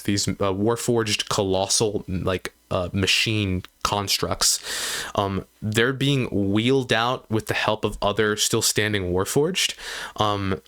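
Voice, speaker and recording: A man's voice: lowish voice, a bit bright, clear, resonant tone. A man running a tabletop game as game master, narrating in rambling bursts full of fillers.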